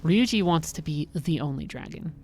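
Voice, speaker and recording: A woman co-hosting a casual gameplay chat, animated and quick to act out quotes in put-on voices. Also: deep voice. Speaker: co-host.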